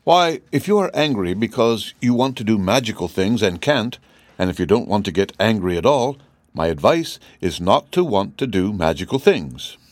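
An unflappable gnome counselor gives calm, wry advice to his angry king, as a man reading the story puts him on. The voice is low and dry. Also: moderate pace, no echo. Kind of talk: audiobook character reading.

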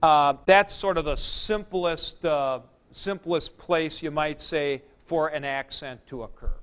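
A man's voice: a little high, takes it slowly, a bit bright, clear, resonant tone. A man teaching ancient Greek accents in a classroom lecture, explaining step by step with spoken examples.

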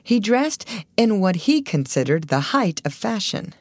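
A woman narrating an old adventure novel in an expressive, varied reading voice. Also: mid-range voice, measured pace, dry recording. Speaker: audiobook narrator. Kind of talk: storybook narration.

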